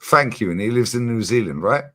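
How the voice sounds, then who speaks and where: A man hosting a casual livestream chat, animated and emphatic, swearing freely and repeating his points. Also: medium pitch, a little fast. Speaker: streamer host.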